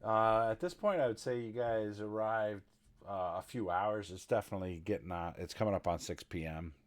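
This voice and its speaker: A man in a lowish register narrates as dungeon master over an online voice call. He talks haltingly, restarting phrases and filling gaps with "uh" as he describes the scene. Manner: halting, with many restarts and fillers. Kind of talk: narrating a tabletop game.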